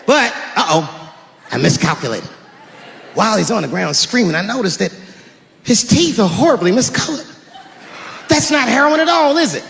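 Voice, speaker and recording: Animated high-voiced male stand-up comic. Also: moderate pace, vocal fry, long pauses. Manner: animated storytelling, shouting punchlines. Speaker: stand-up comedian. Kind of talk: stand-up comedy set. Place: comedy stage, live audience. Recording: reverberant live venue with audience noise.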